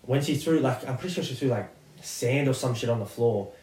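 A man's voice: medium pitch, fairly quick, darkish tone. A young man chatting casually as a podcast guest, laid-back and sweary. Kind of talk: casual chat. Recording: distant, echoey, faint hiss.

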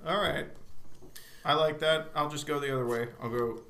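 A man's voice: on the high side, steady tone, moderate pace, creaky, bright, forceful tone, roomy sound. A man co-hosting a podcast, teasing the host and swearing as he makes his picks. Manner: teasing, profane. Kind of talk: rowdy casual podcast banter.

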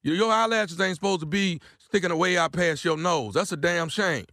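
A man's voice: high-pitched, fairly quick, pushed and bright, dry recording, clean studio sound. A man calling in angrily, blustering and repeating the same complaint over and over. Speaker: angry caller. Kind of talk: ranting phone call.

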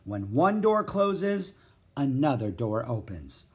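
Old inventor, slow and musing, lively lilt, read by a man. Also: mid-range voice. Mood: reflective. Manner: slow, reflective. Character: old bearded male inventor, thoughtful and dreamy.

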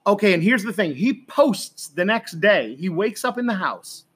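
A man with a high-pitched voice spins a casual anecdote for his co-host. He stumbles and restarts as he builds the story. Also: sing-song, a bit bright, husky. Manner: halting storyteller with frequent restarts. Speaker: podcast co-host. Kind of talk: casual chat, telling a funny story.

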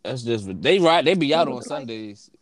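A man's voice: medium pitch, animated, normal speed, a crowd in the background. A man trading crude jokes and slang in a casual podcast chat. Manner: crude, joking, heavy slang.

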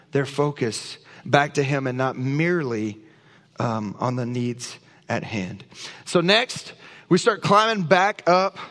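Man, pastor preaching a sermon, earnest and emphatic, slightly high voice, long church reverb. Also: fairly bright tone. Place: church sanctuary.

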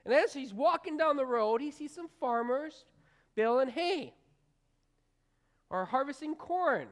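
A woman pastor delivers a loose, conversational sermon in a high-sitting voice with lively intonation and an unhurried pace. Folksy and rambling, she addresses the congregation directly, full of fillers and restarts.

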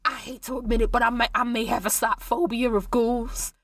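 A woman's voice: a little high, little pitch movement, a little fast, dry recording, recorded from a distance, natural voice. A woman doing a flustered, devout, ghoul-fearing woman. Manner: flustered, exclaiming, stammering.

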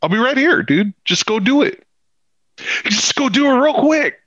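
A man's voice: extremely high pitch, very animated, normal speed, a bit bright, no room sound, highs cut off. Pushy, swearing male podcast host. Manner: pushy, teasing, swears freely, laughs often. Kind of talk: casual profane banter.

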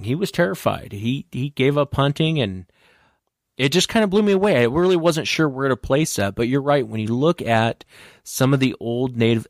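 A man's voice: mid-range voice, dry recording. Dry, close-miked male podcast host. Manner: animated retelling of a caller's story. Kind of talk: casual interview chat.

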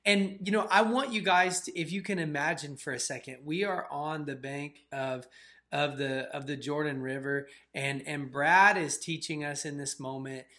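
A man co-hosting a faith channel, telling a story in a casual, animated way with lots of "like" fillers. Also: fairly high pitch, normal speed. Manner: animated, filler-heavy retelling with "like".

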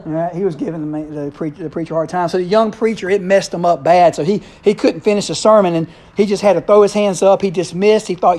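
A man's voice: high-pitched, fairly even intonation, fast talker, darkish tone. A middle-aged man preaching a sermon in a conversational way, often checking in with the congregation.

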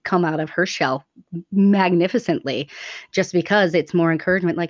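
Encouraging New woman, low voice. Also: brisk, no echo. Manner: encouraging, emphatic. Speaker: community co-founder. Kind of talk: casual podcast chat. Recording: dry, dull lo-fi audio.

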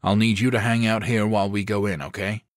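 A steady SWAT team leader in an action audiobook, giving firm, calm instructions in a deep voice as a male narrator voices him. The sound is close and dry. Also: fairly quick, dry recording, lightly acted.

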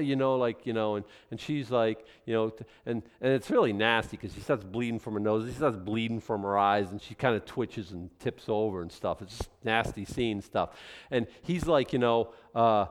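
A man's voice: medium pitch, normal speed, hardly any pauses. A male pastor preaching a sermon in a loose, conversational way, drifting into asides and acted-out scenes.

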